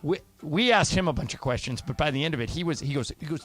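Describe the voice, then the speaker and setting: A man's voice: on the high side, lively intonation, fast talker, a bit bright. Middle-aged man telling a radio story. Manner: conversational storyteller. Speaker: radio co-host. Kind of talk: sports talk radio banter.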